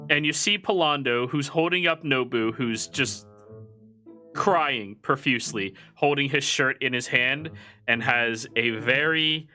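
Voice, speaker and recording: Upbeat male game master, bright and lively. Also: medium pitch, measured pace, soft background music. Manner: lively, laughing narration. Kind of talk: narrating a tabletop game.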